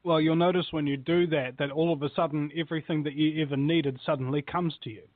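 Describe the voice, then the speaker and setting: A man speaking as a guest in a casual chat, motivational and animated, telling stories. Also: on the high side, fast talker, no echo. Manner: motivational, animated storyteller who laughs at his own tales. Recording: tinny phone-like line.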